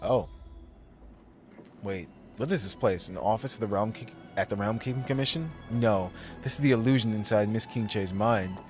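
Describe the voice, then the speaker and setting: A man's voice: on the low side, normal speed, darkish tone, faint music behind. A man streaming a video game, casually reading its dialogue aloud and doing voices. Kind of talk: casual let's-play commentary.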